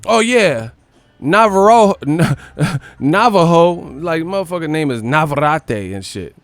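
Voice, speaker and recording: A man's voice: a little high, expressive, slow, dry recording, faint music behind. A man mimicking a cheery sports announcer. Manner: cheery, mangling names.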